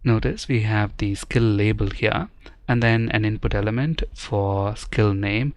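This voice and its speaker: A man with a fairly low voice walks through code in a calm, methodical tutorial manner. The sound is dry and close, with no room around it. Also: measured pace, no room sound. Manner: methodical, step-by-step explaining. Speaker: programming instructor. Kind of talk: screen-recorded coding tutorial.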